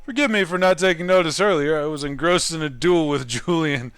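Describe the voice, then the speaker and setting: A man voicing a pompous, gallant gentleman adventurer from a game, reading his lines with grand, theatrical formal diction. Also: fairly high pitch, fairly quick, clear, resonant tone, no room sound, faint music behind, close to an everyday voice. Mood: boastful.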